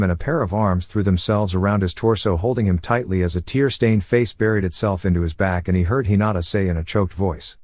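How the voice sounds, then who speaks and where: A man narrating a fan-fiction story in a plain, steady reading voice. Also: on the low side, brisk, hardly any pauses, dry recording. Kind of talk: audiobook-style story reading.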